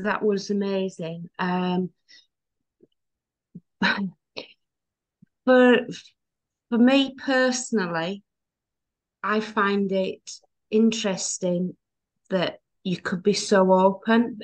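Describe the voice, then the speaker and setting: A woman with a Yorkshire accent talks over a video call. She speaks slowly and with feeling, sharing her reactions in a warm, open way. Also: mid-range voice, poor audio. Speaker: poetry event participant. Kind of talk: casual video call chat.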